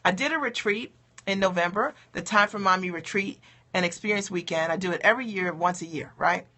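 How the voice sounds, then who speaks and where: A coach for mothers in business gives an upbeat, encouraging motivational talk on a livestream. Her voice sits on the low side, fairly quick, pushed and bright, and she keeps checking in with "okay?" and "right?"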